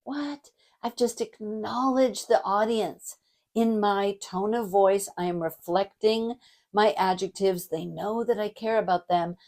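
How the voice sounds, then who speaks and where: A middle-aged woman teaches public speaking straight to camera in a mid-range voice. Her delivery is demonstrative, moving between bright, energetic bursts and a softer, lower register. She sounds like a practiced coach walking a learner through the steps. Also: a little slow. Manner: demonstrative, shifts between energetic hype and soft warm tones.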